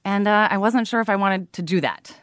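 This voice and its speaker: A woman's voice: mid-range voice, a little fast, dry recording, studio quality. A woman in her thirties co-hosting a podcast, talking candidly about her own life in an earnest, self-deprecating way and laughing often. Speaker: podcast co-host. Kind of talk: candid personal chat.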